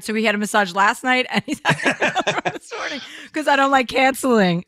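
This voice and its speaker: A woman's voice: mid-range voice, fast, hardly any pauses, a bit bright, no room sound, clean studio sound. A woman hosting a casual video-call chat, chatty and rambling, laughing as she talks. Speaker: host.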